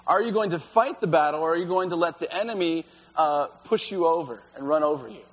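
A man's voice: a little high, animated, fast talker. A man preaching as a youth pastor, telling stories in a casual, filler-laden way. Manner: casual storytelling with frequent fillers. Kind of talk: sermon. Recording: long reverb of a hall.

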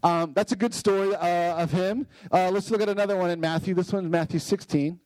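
An enthusiastic man gives a casual Bible lesson in a slightly high voice, tossing in "right?" as he goes. The sound is dry and close, with no room echo at all. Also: fairly even intonation, a little fast, a little mellow. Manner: enthusiastic, frequent "right?" tag questions.

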